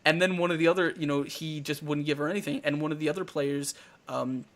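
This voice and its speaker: A man hosting a live talk show, telling game stories in a rambling, animated way with lots of restarts. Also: a little high, quick pace. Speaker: talk show host and dungeon master.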